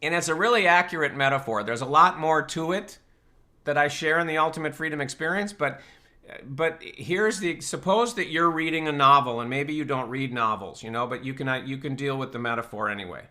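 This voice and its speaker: A man who teaches personal growth hosts a live online Q&A, speaking casually and laying out his ideas through rhetorical questions. His voice is a little high, brisk, and sharp in tone.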